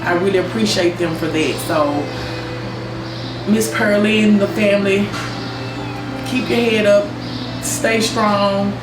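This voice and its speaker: A woman's voice: medium pitch, fairly even intonation. Woman, heartfelt tribute, music behind. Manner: heartfelt, unhurried, with fillers. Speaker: UPS coworker. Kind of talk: memorial tribute. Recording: roomy echo with music behind.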